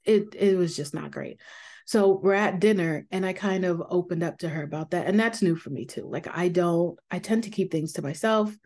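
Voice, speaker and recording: A woman hosts her own podcast in a casual, personal way, her voice sitting a little on the low side. She talks candidly and reflectively, with frequent fillers and soft laughs. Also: moderate pace. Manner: calming voice for guided meditations. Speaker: podcast host.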